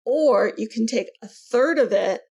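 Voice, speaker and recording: A middle-aged woman with a gravelly, creaky edge, chatting on a podcast. She rambles along in easy, everyday talk, trailing off and picking the thread back up. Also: a little high, expressive, a little slow, darkish tone, dull audio. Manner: chatty, rambling, laughs easily. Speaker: co-host. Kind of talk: casual podcast chat.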